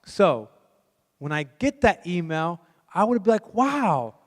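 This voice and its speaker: A man's voice: sits high, expressive, unhurried, in a large hall. A man preaching a sermon as guest pastor, telling a story in a chatty way and acting out the voices of the people in it. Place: church sanctuary.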